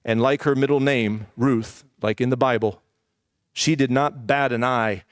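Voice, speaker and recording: A man preaching in a church, sharing his own story in a candid, conversational way and tossing in asides to the congregation. His voice sits at a middle pitch, and the recording is dry and close, with little room sound. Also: fairly even intonation, a little slow, smooth, no echo. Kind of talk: personal testimony sermon.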